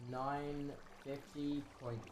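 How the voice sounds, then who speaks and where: A young man co-streaming a game, chatting casually with quick, excitable exclamations. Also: fairly high pitch, a little hiss or hum. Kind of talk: casual gaming chat.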